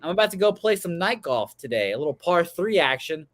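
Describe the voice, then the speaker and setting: A man's voice: on the high side, very animated, a little fast, a bit bright, no room sound. Profane, joking young male radio host. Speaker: sports betting show host. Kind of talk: casual sports radio chat.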